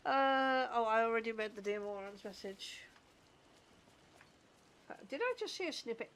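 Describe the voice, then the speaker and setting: A woman's voice: fairly high pitch, fairly bright tone, slight background noise. A woman with a British accent, chatting casually and bluntly with her livestream chat while she plays, swearing and poking fun at herself. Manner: blunt, sweary, self-mocking.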